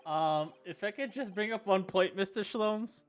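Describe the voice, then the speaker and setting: A woman's voice: mid-range voice, measured pace, faint music behind, close to an everyday voice. A woman voicing an earnest young male defense lawyer in a video game, speaking in a hesitant, polite way. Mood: questioning. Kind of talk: reading game dialogue aloud.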